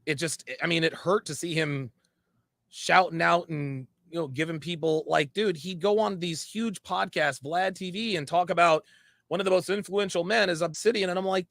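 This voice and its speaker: Bright, dry-voiced man venting. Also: on the high side, moderate pace, gravelly, no room sound. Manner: emphatic, repeats phrases, frank. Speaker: online commentator. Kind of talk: candid monologue.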